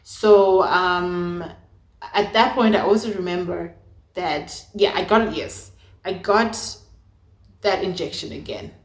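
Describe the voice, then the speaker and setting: A young woman telling a personal story to camera in a chatty, dramatic way. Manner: chatty, dramatic, acts out her own past lines with big pitch jumps. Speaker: vlogger. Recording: echoey room.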